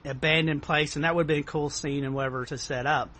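A man's voice: fairly high pitch, fairly even intonation, quick pace, a bit bright. A man hosting a casual film review chat, rambling with lots of hedging fillers. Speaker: podcast host reviewing a film.

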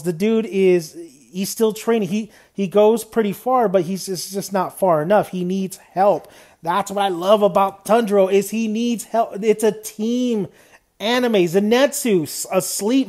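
A man's voice: sits high, a little mellow. Rambling male anime reviewer. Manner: rambling, loose, with frequent "man" and "you know". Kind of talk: casual unscripted review.

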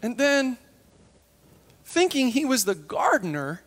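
Woman preacher, high and very animated voice, conversational sermon, echoey hall. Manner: lively and conversational, acting out the disciples and Mary in quick asides.

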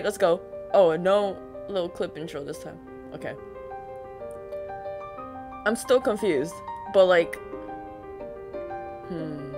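A woman hosting a reaction video, excitable and giggly, easily startled as she comments. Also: fairly low pitch. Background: game music.

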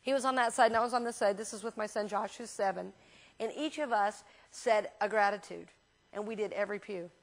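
A woman minister teaching a class in a church, talking casually and telling lively anecdotes with frequent restarts. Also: mid-range voice, a little fast. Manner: chatty, animated storyteller with frequent restarts.

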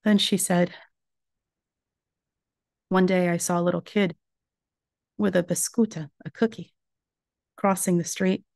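A woman's voice: lowish voice, steady tone, unhurried, vocal fry, pauses often, a little mellow, no echo. Woman giving an earnest religious talk. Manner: earnest storytelling, retelling a survivor's words. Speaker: lecturer. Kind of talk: religious lecture.

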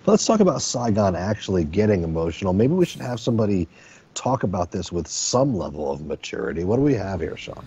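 A man's voice: low-pitched, very animated, quick pace, dark tone, breathy edge, dull audio. A man co-hosting a podcast, rambling and sarcastic in casual commentary. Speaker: podcast co-host.

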